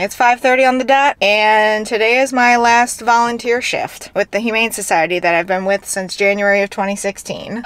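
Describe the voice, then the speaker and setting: A woman's voice: a little high, fairly bright tone, dry recording. A woman vlogger talking casually to the camera in a chatty, rambling way. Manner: chatty and rambling, with frequent "like" fillers. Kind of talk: casual vlog chat to camera.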